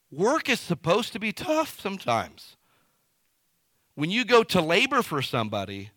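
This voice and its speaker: Animated, bright-voiced male preacher. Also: high-pitched, dry recording, clean studio sound. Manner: lively, conversational preaching with everyday stories. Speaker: pastor. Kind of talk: sermon.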